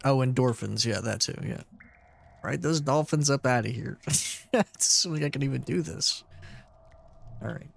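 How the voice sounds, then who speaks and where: A man streaming a game, reading its dialogue aloud slowly and quietly, with playful asides in between. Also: mid-range voice, gravelly. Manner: slow and subdued when reading, with playful asides. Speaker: let's play streamer.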